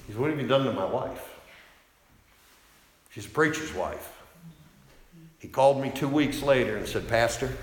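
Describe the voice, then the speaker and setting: Fervent preacher in an echoing church. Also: male voice, medium pitch, slight background noise. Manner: fervent storytelling, swings from loud declaring to hushed quoting. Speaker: pastor. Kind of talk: revival sermon preaching. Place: large church sanctuary. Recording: very echoey church hall reverb.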